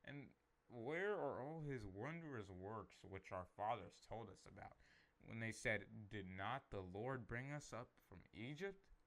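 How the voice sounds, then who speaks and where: A man reading the part of a frightened young man pleading with God, raising his pitch in anxiety. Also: animated, a little slow, a bit bright.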